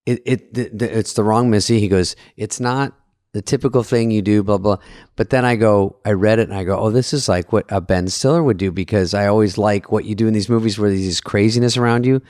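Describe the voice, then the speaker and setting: This podcast co-host is a middle-aged man with a fairly low voice, recorded in a clean studio with no echo. He spins lively anecdotes in relaxed conversation, performing quoted lines and cursing freely.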